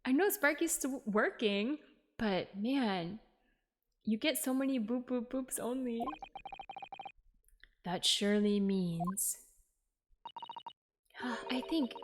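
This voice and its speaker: A woman streamer chatting casually while playing a game and reading its text aloud. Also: fairly high pitch. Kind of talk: casual gameplay commentary.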